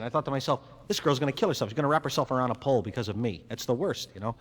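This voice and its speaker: A man's voice: medium pitch, lively intonation, fast, fairly bright tone. A man doing a live stand-up monologue in a rambling, conversational way, acting out both sides of the dialogue himself. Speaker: stand-up comedian. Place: live venue with audience. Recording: 1961 live album, long hall reverb, faint ambience.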